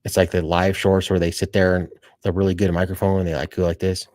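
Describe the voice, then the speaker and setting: A man with a fairly low voice hosts a loose live stream and talks straight at his viewers. His delivery is offhand and rambling, with frequent swearing and "dude" tossed in. The tone stays relaxed and conversational. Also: quick pace. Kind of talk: casual live-stream chat.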